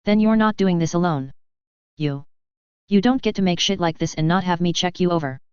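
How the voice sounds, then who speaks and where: A sarcastic, foul-mouthed teenage girl healer, as a woman reads her lines in a story. The voice sits low and stays very smooth. The sound is dry and close, a little dull. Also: brisk, a little mellow, no echo, natural voice. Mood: upset. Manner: sarcastic, swearing outbursts.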